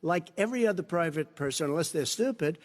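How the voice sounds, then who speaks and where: A man's voice: a little high, expressive, fast talker. An American man in a heated televised debate, combative and constantly interrupting his opponent. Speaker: debate candidate. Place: large debate hall. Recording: long hall reverb.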